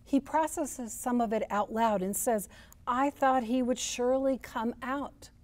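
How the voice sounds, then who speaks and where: A woman's voice: a little high, a little slow, a little mellow. A woman therapist giving a church teaching, telling a scripture story and voicing people's thoughts with rising force.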